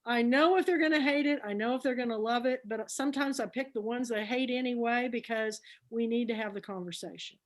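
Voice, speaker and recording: A middle-aged woman tells stories with a high, bright voice. She is chatty and animated, slipping into the voices of the people in her tales. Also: brisk, few pauses. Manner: chatty, animated storyteller who acts out dialogue. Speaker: book club founder speaking to a group. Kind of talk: storytelling talk.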